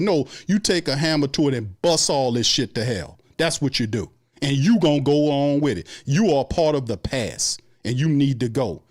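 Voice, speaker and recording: A man hosting a fan stream launches into a heated, profane rant, hammering the same points again and again. His voice sits at an ordinary mid pitch and he talks in blunt, furious bursts. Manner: angry, profane, repetitive ranting. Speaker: sports show host.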